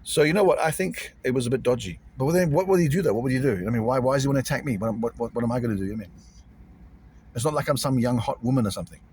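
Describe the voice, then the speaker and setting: A man's voice: mid-range voice, very fast, a little mellow, slight background noise. A man vlogging casually to camera, rambling and repeating himself in an uneasy way.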